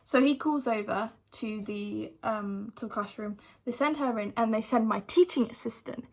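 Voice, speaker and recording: A woman's voice: on the high side, normal speed. A young woman telling a personal story to her viewers in a chatty vlog style, with many "like" fillers and direct asides to the audience. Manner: chatty retelling full of "like" fillers. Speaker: vlogger.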